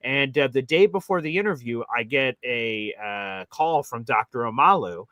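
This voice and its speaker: A man's voice: mid-range voice, moderate pace, dry recording, rough recording. A man hosting a sports talk show, telling stories and acting out the people he quotes. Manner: animated storyteller acting out quotes. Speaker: podcast host. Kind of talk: casual sports talk storytelling.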